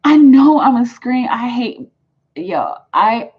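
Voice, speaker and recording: Hosting a live tarot stream, a woman with a fairly high, breathy voice and lively intonation rambles chattily through viewers' comments. She says "like" a lot and laughs quickly and often. Her audio is muffled and lo-fi, typical of a live stream.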